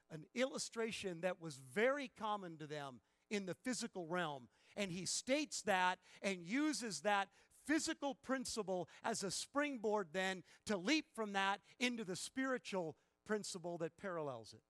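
Slow emphatic preaching man. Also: high-pitched, no echo. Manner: emphatic preaching, swings from soft to loud bursts. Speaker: pastor. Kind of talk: sermon.

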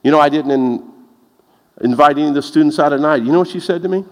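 A man preaching a lively sermon, telling stories and laughing at his own jokes. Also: fast. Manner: animated, laughs at his own jokes, rises in pitch when excited. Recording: long reverb of a large hall.

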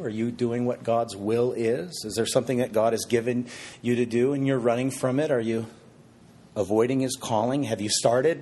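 A man preaching a sermon, expressive and full of rhetorical questions with shifting emphasis. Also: medium pitch, breathy edge.

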